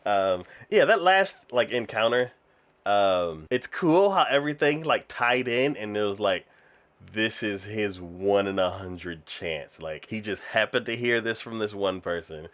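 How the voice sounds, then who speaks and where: A man's voice: lowish voice, animated, unhurried, a bit bright. A man co-hosting an anime podcast in casual chat, laughing often and acting out lines of dialogue. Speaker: podcast co-host.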